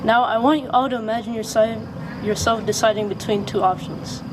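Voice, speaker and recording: Higher-pitched teenage young woman in a noisy recording. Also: fairly even intonation, a little fast. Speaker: graduating student speaker. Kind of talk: prepared speech.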